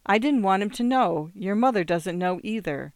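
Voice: medium pitch, expressive, moderate pace, no room sound, close to an everyday voice. A narrator voicing a guarded older farmer father who answers in blunt, clipped phrases, in an audiobook reading.

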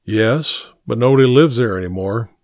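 A man's voice: medium pitch, moderate pace, a little mellow, dry recording, studio quality, lightly acted. A man reading a story aloud, voicing a thrifty, stubborn taxi driver with a New England accent who speaks tersely. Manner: terse, haggling.

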